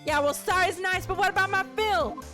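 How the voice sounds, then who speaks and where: A woman voicing a brash, bossy woman photographer, with a shouty, twangy delivery. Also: high voice, big pitch swings, fairly quick, voice pushed up. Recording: game music behind.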